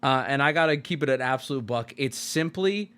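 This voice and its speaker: A man's voice: mid-range voice, brisk, clean tone. A jet-lagged man hosting a casual livestream chat, rambling and swearing as he talks. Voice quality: animated, profane, rambling. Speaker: streamer host.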